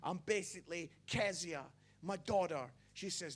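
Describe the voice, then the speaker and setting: A middle-aged man, a pastor telling a personal story in a sermon, animated and chatty, often checking in with his listeners. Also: sits high, unhurried.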